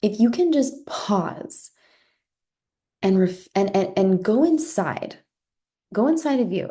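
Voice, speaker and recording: Warm and expressive, this woman in her thirties speaks slowly with long pauses at a medium pitch. As a life coach and podcast host, she delivers heartfelt motivation, repeating words and tacking on a rhetorical "right?".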